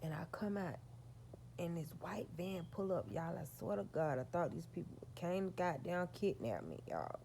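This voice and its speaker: A woman's voice: on the low side, animated, normal speed, vocal fry, dark tone, slight background noise. A woman vlogger telling a story straight to her viewers, profane and emphatic.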